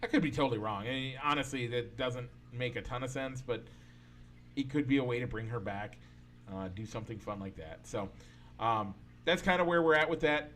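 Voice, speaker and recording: A man's voice: medium pitch, a little fast, a bit bright, slight background noise. A man co-hosting a casual podcast, arguing his opinions at length in a loose, rambling way with many restarts. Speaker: podcast co-host. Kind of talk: casual sports and pop-culture chat.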